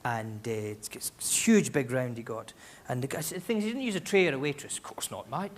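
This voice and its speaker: A Scottish man doing live stand-up comedy on a concert hall stage, telling stories in an animated way with quick asides. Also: mid-range voice. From Scotland. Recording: live theatre recording, loud crowd laughter.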